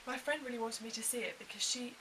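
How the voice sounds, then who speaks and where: Young woman, casual vlogger, chatty and animated; a bit high; faint hiss in the recording. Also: distant mic. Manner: chatty, animated, quick asides. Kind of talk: casual chat to camera.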